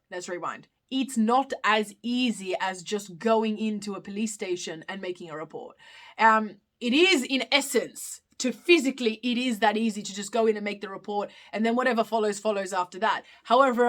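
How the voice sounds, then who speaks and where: An Irish woman hosting a casual live question-and-answer stream, chatty and open, with many fillers and restarts. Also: mid-range voice. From Ireland. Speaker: livestream host answering viewer questions. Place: at home, on a live phone stream.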